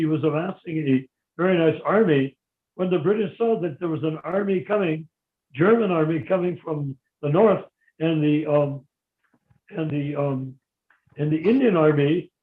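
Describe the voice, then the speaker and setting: A man raised in America, answering a question at length in a live Q&A, telling history in a rambling, discursive way. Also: on the high side. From United States. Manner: discursive, digressive storyteller. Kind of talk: live Q&A, long explanatory answers. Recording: tinny phone-like line in an echoey room.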